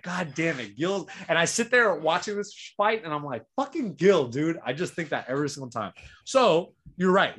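Young dude cohosting, kinda high voice, hyped, cursing and repeating himself a lot. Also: male voice. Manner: animated, profane, repeats himself. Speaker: podcast co-host. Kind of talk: casual chat.

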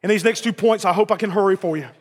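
A male pastor preaching a folksy sermon, repeating lines and building to shouts. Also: high-pitched, rapid-fire, husky. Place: church sanctuary. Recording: reverberant church hall.

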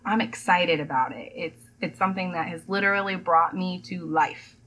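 A woman's voice: fairly low pitch, normal speed, fairly bright tone, rough recording. A young adult woman chatting casually on a podcast, telling stories and acting out quotes. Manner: chatty storyteller, acts out quotes. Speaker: home decor blogger, podcast guest.

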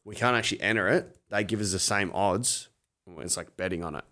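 A man's voice: fairly low pitch, a little fast, bright, forceful tone. A young Australian man co-hosting a casual betting podcast, sweary and laughing often. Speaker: podcast co-host. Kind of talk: casual sports betting chat.

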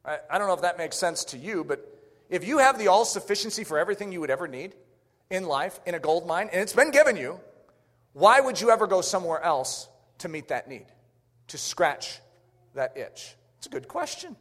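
Animated high-voiced male preacher in a hall. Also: brisk. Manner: emphatic, repeating his rhetorical questions. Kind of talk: sermon. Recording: echoey hall reverb.

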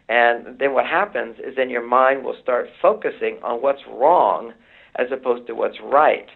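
A man's voice: mid-range voice, creaky, slightly rough. A man in his sixties, a relationship author speaking as a radio guest, lecturing emphatically and building his points through repetition, heard over a phone line. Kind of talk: explaining advice on a radio show.

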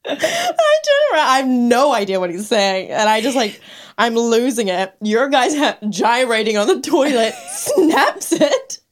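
A woman's voice: a little high, expressive, measured pace. A young woman co-hosting a podcast, telling stories in a chatty, giggly way with plenty of fillers. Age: young adult. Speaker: podcast co-host. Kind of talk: casual chat, storytelling.

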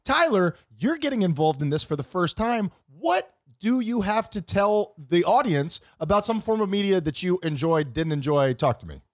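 A young man co-hosting a comedy podcast, joking in a lively sing-song way. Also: sits high, moderate pace, few pauses. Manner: jokey, animated, sing-song delivery. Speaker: podcast co-host. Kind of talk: casual comedic podcast banter.

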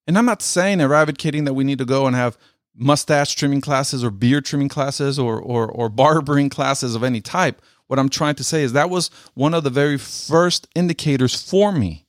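A man's voice: medium pitch, no echo. Middle-aged guy, army vet, telling his story, stops and repeats himself a lot, dry sound. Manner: earnest, halting, repeats words as he tells it. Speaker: military veteran. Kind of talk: personal storytelling monologue.

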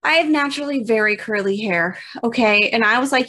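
A woman's voice: on the high side, a little fast, few pauses, a bit bright. A woman co-hosting a podcast, telling a self-mocking funny story in casual chat. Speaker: podcast co-host.

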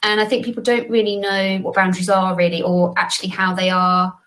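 A woman's voice: medium pitch, level tone, a little fast, fairly bright tone, rough recording. A woman psychologist co-hosting a podcast, explaining ideas in a thoughtful, casual way with light laughs. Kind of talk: casual conversation.

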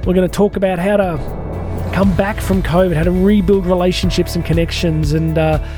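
A man's voice: high-pitched, steady tone, normal speed, music in the background. Earnest man, devotional podcast. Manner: earnest, repeats key lines for emphasis. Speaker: podcast host and speaker for Catholic teachers. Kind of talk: devotional motivational talk.

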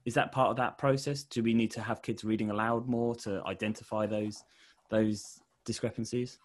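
A middle-aged man with a Portsmouth accent interviews a guest in a relaxed conversational way. His voice sits low, and he circles his questions with restarts and self-corrections. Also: normal speed.

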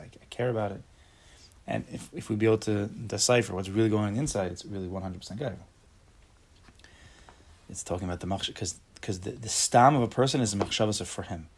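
Gravelly-voiced man giving a Torah class. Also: lowish voice, a little mellow. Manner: acts out angry everyday voices, asks the class questions. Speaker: Torah teacher. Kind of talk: casual shiur, reading and explaining a text.

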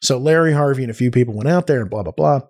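A man telling stories in a casual podcast chat, animated and rambling, with many restarts. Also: mid-range voice, rapid-fire. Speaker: podcast guest.

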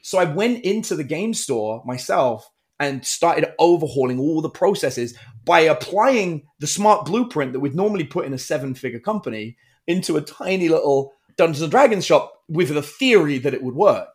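A man's voice: a little high, normal speed. A middle-aged man, a guest entrepreneur, telling stories in a casual interview and acting out the people he quotes. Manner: animated storyteller, acts out quotes.

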